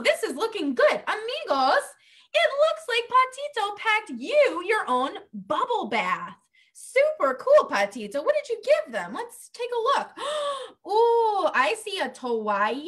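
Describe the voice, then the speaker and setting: A woman's voice: high voice, sharp tone. A woman teaching a playful lesson for kids on a livestream, exclaiming and coaxing the children along.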